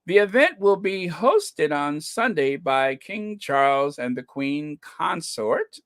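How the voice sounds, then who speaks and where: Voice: mid-range voice, very animated, slow pace. A channel host giving casual, scornful commentary, reading comments and news items aloud and often breaking into laughter.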